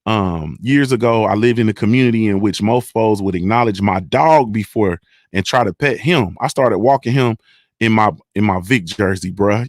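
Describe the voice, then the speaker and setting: A man's voice: fairly low pitch, normal speed, no room sound, clean studio sound. Emphatic, profane male livestream host. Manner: emphatic, repetitive, profane, keeps asking "you understand". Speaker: livestream host reading chat. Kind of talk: casual livestream talk to viewers.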